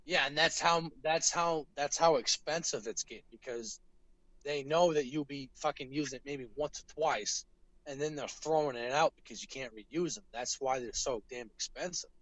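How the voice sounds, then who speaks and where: A man's voice: mid-range voice, moderate pace, fairly bright tone, dry recording, low-quality recording. A man co-hosting a casual podcast, telling a rambling story full of swearing and acted-out quotes. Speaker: podcast co-host.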